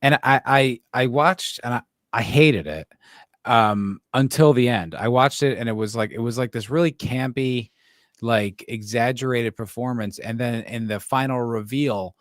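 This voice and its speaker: A man's voice: medium pitch, unhurried, no echo, studio quality. A man chatting casually on a podcast, rambling and self-mocking, with lots of fillers. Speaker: podcast co-host. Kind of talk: casual chat.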